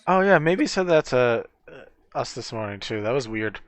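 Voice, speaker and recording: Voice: mid-range voice, animated, moderate pace, a little hiss or hum. A game master narrating a tabletop game in a loose, joking way, laughing often.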